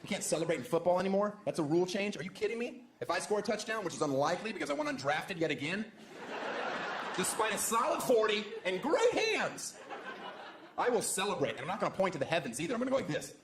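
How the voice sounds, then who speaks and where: This high-pitched American comic races through his set with animated energy and hardly any pauses. Performing before a live audience in a big venue, he throws out sarcastic, provocative jokes and abruptly slips into exaggerated voices, while the echoey hall fills with laughter, applause, and crowd noise.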